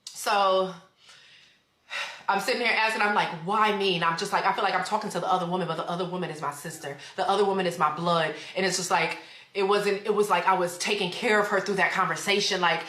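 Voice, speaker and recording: A woman's voice: lowish voice, fairly even intonation, fast, sharp tone, roomy sound. A young woman telling a rambling personal story in a casual storytime chat at home, full of fillers. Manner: rambling, chatty, with many fillers. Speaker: vlogger.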